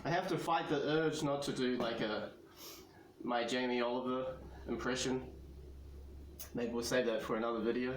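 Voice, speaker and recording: A man's voice: mid-range voice, fairly even intonation, moderate pace. New man rambling casually, roomy, noisy. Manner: easygoing, rambling, hesitant with many fillers. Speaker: vlogger. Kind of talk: casual vlog talk. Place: home kitchen, then outside by the back door. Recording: roomy sound with loud traffic noise.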